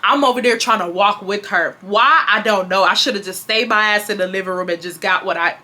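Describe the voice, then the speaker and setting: A woman in her twenties from Houston, telling a casual storytime to her viewers in an animated, slangy way. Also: medium pitch, brisk. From Houston, Texas. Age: 20s. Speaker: vlogger.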